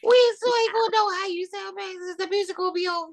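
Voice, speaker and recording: A woman's voice: extremely high pitch, fairly quick, gravelly. A woman co-hosting a podcast in casual chat, teasing and blunt, with a drawl. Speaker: podcast co-host.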